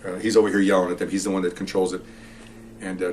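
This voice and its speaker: A man, a retired police officer, telling a story from his years on the job in a casual, animated way, playing the voices of the people in it. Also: sits low, fast talker, distant mic. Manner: animated, acts out voices in the story, chuckles often.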